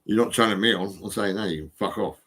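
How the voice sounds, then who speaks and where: A man with a stammering delivery, recording a rambling, expletive-laden solo rant on his phone. He drifts between low muttering and sudden angry outbursts. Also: quick pace, heavy background noise. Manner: heavy swearing, stammering repeats, swings from muttering to outbursts. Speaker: vlogger.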